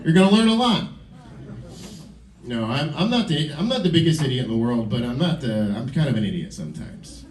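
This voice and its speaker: A man's voice: medium pitch, animated, a little fast, darkish tone. A man in his forties performing stand-up on a club stage, rambling and self-deprecating as he banters with the crowd. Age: 40s. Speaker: stand-up comedian. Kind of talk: stand-up comedy set. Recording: roomy club, from a distance.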